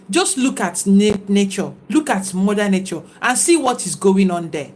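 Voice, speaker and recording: A woman's voice: medium pitch, lively intonation, normal speed, hardly any pauses, a little mellow. A woman, talking casually and reflectively to viewers on a livestream, in a preachy tone. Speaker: livestream host.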